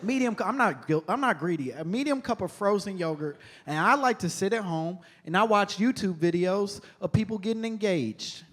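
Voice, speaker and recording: A man's voice: high voice, lively intonation, normal speed, few pauses, a bit bright, a faint crowd, a little hiss or hum. Wry young male stand-up comic. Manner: wry, conversational, laughs at his own jokes. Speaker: stand-up comedian. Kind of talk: stand-up comedy. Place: comedy club stage. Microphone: handheld stage mic.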